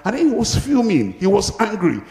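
A man's voice: high-pitched, huge pitch swings, brisk, vocal fry, warm tone. A male pastor preaching a sermon, emphatic and retelling Bible stories with acted voices. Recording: echoey hall with long reverb.

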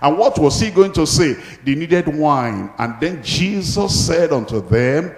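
A man's voice: fairly high pitch, animated, a little slow. A male pastor preaching a sermon, emphatic and retelling Bible stories with acted voices. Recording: echoey hall with long reverb.

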